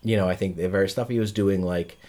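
A man with a low, deep voice talks through movies in a loose, rambling way. He sounds like a podcast co-host who makes offhand jokes as he goes. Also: fairly even intonation, fast, mellow. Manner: rambling, jokey film chatter. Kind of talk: casual chat.

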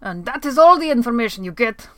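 A woman's voice: fairly high pitch, lively intonation, fast, a bit bright, no room sound. A woman making a wry, jokey announcement during a game.

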